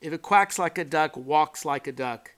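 Bright-voiced talk host. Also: male voice, fairly high pitch, moderate pace. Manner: emphatic, mocking mimicry of the accused. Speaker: political talk show host. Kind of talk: scripted political commentary.

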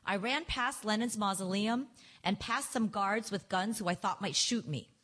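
Husky woman reading her memoir aloud. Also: mid-range voice, normal speed, fairly bright tone. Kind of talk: live book reading.

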